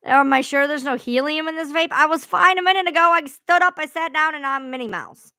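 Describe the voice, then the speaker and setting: A woman rambles to her live-stream viewers in a high, bright voice. She talks casually, swears freely and laughs at herself. The sound is close and dry. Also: normal speed, dry recording. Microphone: own streaming mic sounding odd.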